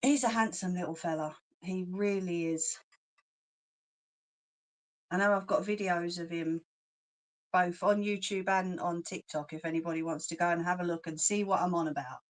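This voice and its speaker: A woman's voice: on the low side, steady tone, normal speed, pauses often. Chatty London woman on a livestream. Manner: chatty, laughs often, cheeky slang. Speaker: craft channel host. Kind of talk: casual livestream chat, reading comments.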